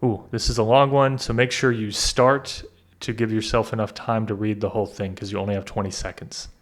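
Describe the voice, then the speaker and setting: A man tutoring through a practice test, thinking aloud, reading sentences deliberately and correcting himself as he goes. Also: fairly low pitch, little pitch movement. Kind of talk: casual walkthrough of a practice test.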